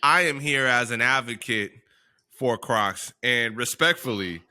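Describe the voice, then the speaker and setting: A man co-hosting a podcast in casual chat, animated and playfully arguing back. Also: mid-range voice, a little slow. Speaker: podcast co-host.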